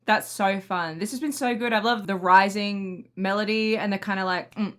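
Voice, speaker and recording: An excitable woman, chatting casually as she reacts to music for a video. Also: mid-range voice, moderate pace. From Australia. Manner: excitable and chatty, gushing enthusiastically.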